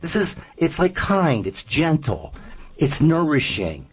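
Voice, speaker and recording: A man's voice: fairly high pitch, sing-song, slow, breathy edge, lo-fi sound. A man speaking as a nutrition expert guest on a radio talk show, emphatic and repeating his points, often telling stories.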